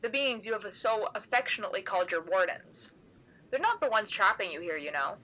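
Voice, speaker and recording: A woman's voice: medium pitch, animated, fairly quick, pushed and bright, highs cut off. A woman voicing a mocking, theatrical shadowy figure with a playful, sing-song delivery. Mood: teasing.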